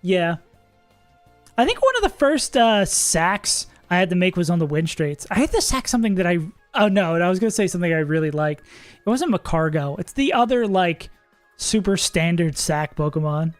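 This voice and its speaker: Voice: medium pitch, big pitch swings, moderate pace, dry recording, soft background music. A streamer casually talking through a game live, thinking aloud, laughing often and swearing now and then. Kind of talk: casual livestream commentary while playing.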